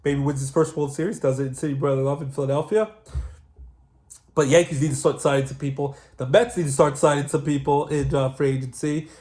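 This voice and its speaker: Sex: man. Role: sports show host. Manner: rambling, fillers, fairly high voice. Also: fairly even intonation, fairly quick, darkish tone. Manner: rambling, hops between topics with fillers. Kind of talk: casual solo sports talk.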